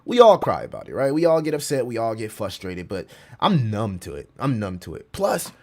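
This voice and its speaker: Animated slangy male streamer. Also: medium pitch, a little fast. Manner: animated, slangy, swears, reads chat aloud. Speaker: crypto livestream host. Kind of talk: casual livestream chat.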